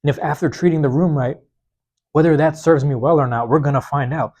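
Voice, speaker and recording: A slightly hoarse man hosting his own podcast, talking alone in a casual, slangy way and repeating key phrases for emphasis, recorded with a phone microphone in a small university room. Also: a little high, brisk, darkish tone. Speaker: podcast host. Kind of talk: solo motivational monologue. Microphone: plug-in microphone on a phone.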